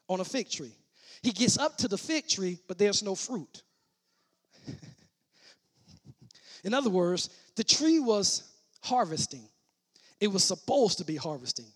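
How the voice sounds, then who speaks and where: A man preaching a sermon, starting as casual teaching and building to loud shouted preaching, repeating and restarting his words. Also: high-pitched, expressive, measured pace, pauses often, breathy edge.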